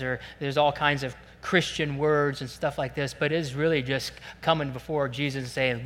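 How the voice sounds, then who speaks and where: Earnest, bright-voiced male pastor preaching. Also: a little high, big-room sound. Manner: earnest, animated preaching, acting out prayers in first person. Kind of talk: sermon. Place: church service.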